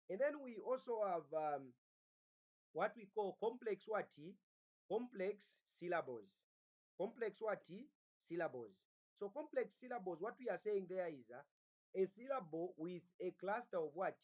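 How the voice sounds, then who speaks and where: A lecturer, teaching phonology. Throughout, the lecturer asks the class to fill in words and keeps checking that everyone is following. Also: medium pitch. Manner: asks rhetorical "what?" questions for the class to fill in; repeats "are we together?" to check understanding. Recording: dull lo-fi recording.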